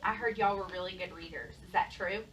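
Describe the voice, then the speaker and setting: A woman's voice: fairly low pitch, steady tone, quick pace. A young adult woman teacher, leading a lesson for young pupils, praising answers and asking many questions. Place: classroom. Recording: distant mic, noisy classroom.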